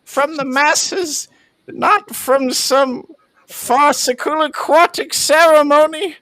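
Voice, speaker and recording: A man's voice: very high voice, fairly even intonation, pushed and bright, dry recording, pitched above the performer's own voice, heavily acted, poor audio. A man putting on an indignant peasant, fake British accent. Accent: put-on British. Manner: slow, lecturing, indignant. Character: indignant peasant lecturing a king. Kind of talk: quoting a comedy film.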